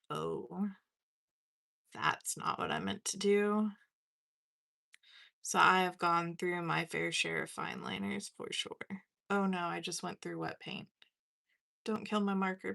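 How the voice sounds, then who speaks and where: A young woman streaming her watercolor painting live talks in a low-leaning, creaky, bright voice with a forceful tone. Her chatter is full of laughter and self-deprecating jokes.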